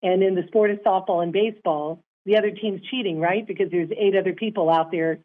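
A woman guest who is a former softball player, answering interview questions in an earnest, measured way. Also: fairly low pitch, steady tone. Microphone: phone line. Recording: tinny phone line.

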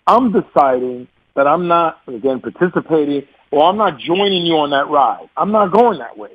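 A man in his forties with a New York accent, a radio guest talking in a casual, animated way, laughing often and repeating words as he restarts. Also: fairly high pitch, moderate pace, no room sound. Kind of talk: casual interview talk. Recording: dull, muffled radio sound, dry.

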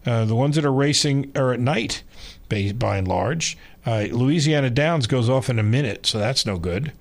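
A man's voice: medium pitch, lively intonation, normal speed. A man hosting a sports radio show who rambles and thinks aloud while he looks up races. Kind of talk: casual radio chat.

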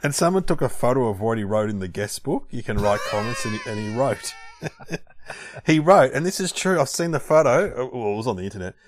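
An Australian man from Melbourne in a casual chat, telling lively anecdotes and laughing often. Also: mid-range voice, fairly quick, slight background noise.

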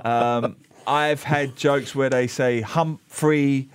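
Man telling animated stories on a dry studio mic. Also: mid-range voice, slow, clear, resonant tone, dry recording. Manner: animated storyteller, slips into mimicking voices. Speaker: radio co-host. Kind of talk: casual radio chat.

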